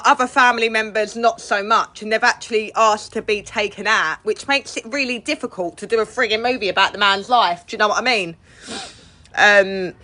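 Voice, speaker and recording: Speaking into a phone from outdoors, this middle-aged livestream host gossips with her audience and greets viewers by name in casual chat. Her voice is on the high side and sharp in tone.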